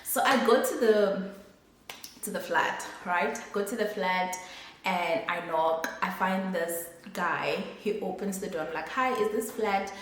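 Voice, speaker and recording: A woman's voice: fairly low pitch, unhurried, a little hiss or hum. A young adult woman vlogger telling a story to her viewers in a chatty, exasperated way. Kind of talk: casual storytime. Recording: echoey room.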